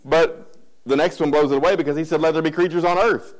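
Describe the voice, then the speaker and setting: A man's voice: on the high side, steady tone, fast, poor audio. Man preaching with frequent check-ins. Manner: keeps checking in with the congregation; repeats and restarts phrases. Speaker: pastor. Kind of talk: conversational sermon.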